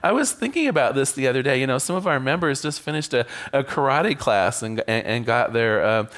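A man's voice: medium pitch, animated, fairly quick, fairly bright tone. A man giving a sermon as a minister, conversational and joking.

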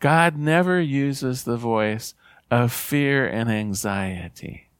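A man giving an earnest spiritual talk, reading passages aloud and repeating key phrases gently. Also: medium pitch, slow, smooth, dry recording, studio quality. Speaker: spiritual teacher.

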